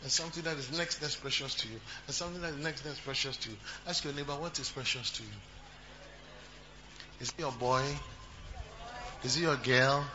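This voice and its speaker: During a church sermon, a pastor speaks a little fast in a mid-range voice, pausing often. He addresses the congregation directly, repeating himself, joking, and asking questions. A hum runs through the dull-sounding recording.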